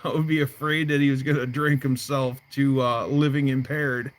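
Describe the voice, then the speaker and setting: A man's voice: medium pitch, flat delivery, moderate pace. A man hosting a casual livestream from outdoors by his garage, telling rambling stories full of fillers. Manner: rambling storyteller, many fillers. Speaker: livestream host. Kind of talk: casual chat.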